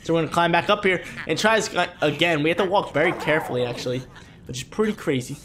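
A man giving playful, excitable commentary over a video game walkthrough. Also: a little high, racing, background noise. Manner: excitable, playful hype talk. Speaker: gaming commentator. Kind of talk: let's play commentary.

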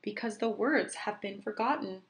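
A woman voicing a gentle, simple-minded male owl in a children's storybook reading, with an earnest, childlike delivery. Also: mid-range voice, moderate pace, close to an everyday voice. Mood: mournful.

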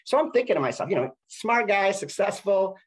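A man with a husky, breathy edge and a somewhat high voice, telling a story at a talk. He speaks in a chatty, anecdotal way and often restarts his sentences. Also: very animated, a little fast, low-quality recording. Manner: conversational, anecdotal, with frequent restarts.

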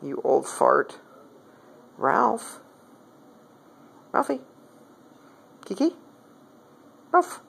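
A woman talks to her cat at home, filmed on a phone, in coaxing, affectionate pet talk. Her voice leaps and dives over a very wide span while her pace stays slow and drawn out. The tone is gravelly and husky. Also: fairly low pitch, wildly swooping pitch, fairly bright tone. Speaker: pet owner. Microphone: phone camera.

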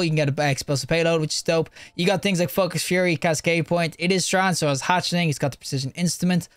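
Excitable fast-talking male gaming host. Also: high-pitched. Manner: excitable, yelps and laughs mid-play. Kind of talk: gameplay commentary.

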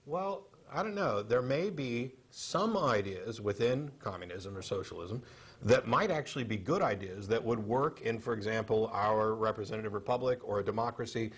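A man co-hosting a studio panel discussion on a cable TV show, speaking in a measured, halting way with many fillers and restarts. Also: fairly low pitch, animated, breathy edge. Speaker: TV show co-host.

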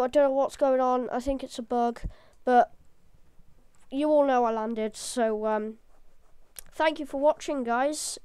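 High-pitched, hyper gaming commentator woman. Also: no room sound. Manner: excitable, hyper, rambling with restarts. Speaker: gaming channel host. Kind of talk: live gameplay commentary.

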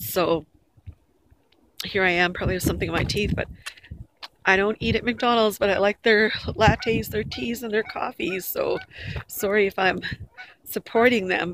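A woman's voice: mid-range voice, a bit bright. A woman chatting casually to her camera while walking and jogging outdoors in a park, a little out of breath, rambling and correcting herself. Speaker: vlogger. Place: outdoors in a park by a river bridge. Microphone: handheld camera. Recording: noisy outdoor camera audio.

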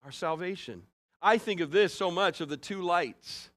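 A man preaching a sermon to a congregation. He talks in an earnest, conversational way and swings between loud rises and soft, quiet drops. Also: high voice, normal speed. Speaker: pastor.

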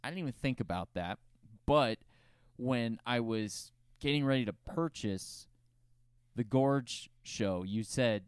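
A man's voice: medium pitch, slow, smooth, dry recording, clean studio sound. A man co-hosting a casual podcast, upbeat and jokey, quizzing his co-host. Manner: upbeat, jokey, asks questions.

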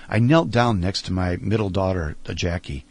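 A middle-aged man speaking earnestly in an interview, sharing a heartfelt story about faith and slowing down for emphasis. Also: low-pitched, gravelly.

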